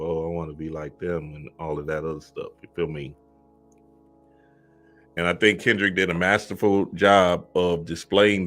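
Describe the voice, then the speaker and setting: This low-pitched, slightly bright voice belongs to a man who makes spiritual content. His monologue is relaxed but emphatic, peppered with "you feel me," and he performs the quoted voices himself.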